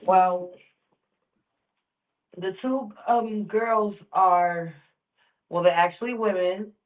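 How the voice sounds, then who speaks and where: Male co-host, fairly high voice, sounds phone-thin, animated casual chat. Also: drawn-out words. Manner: animated, agreeable, slangy. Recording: tinny phone-like line.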